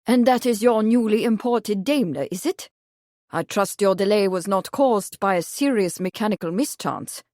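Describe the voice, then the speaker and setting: A woman's voice: medium pitch, normal speed, darkish tone, no room sound, studio quality, lightly acted. A woman voicing a portly, jovial prince with a guttural German accent in an audiobook. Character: portly jovial royal prince, stern at times.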